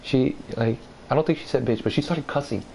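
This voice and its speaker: A man rambles through a personal story fairly quickly, swearing freely and animatedly retelling events, putting on a higher voice for other people's lines. His voice has vocal fry, and the rough recording carries some hiss or hum.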